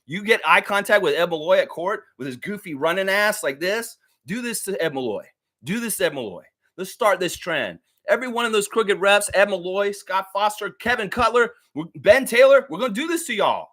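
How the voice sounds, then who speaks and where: A man's voice: high-pitched, a bit bright. A man hosting a live-stream sports show, ranting heatedly and profanely and repeating lines for emphasis.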